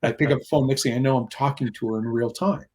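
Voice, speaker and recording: A man's voice: mid-range voice, fast talker, a little mellow. A middle-aged man talking as an interview guest, earnest and rambling, telling personal stories and acting out what others said. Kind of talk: conversational storytelling.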